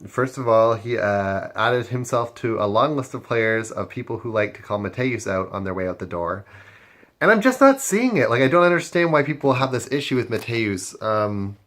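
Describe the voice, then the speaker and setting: A man's voice: medium pitch, fairly bright tone. A man talking casually in a confessional about his moves in a game, with frequent fillers. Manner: casual, filler-heavy talk. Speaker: game player.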